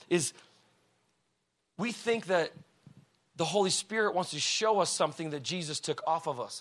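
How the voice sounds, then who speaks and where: Bright, high-voiced passionate preacher man. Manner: passionate, swings from quiet to shouting; casual, conversational phrasing. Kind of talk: sermon.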